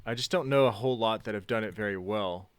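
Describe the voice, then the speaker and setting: A man's voice: on the low side, quick pace, no room sound. A man co-hosting a podcast, upbeat and agreeable, chatting casually on a close mic. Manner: upbeat, agreeable, repeats himself. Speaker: podcast co-host. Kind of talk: casual chat.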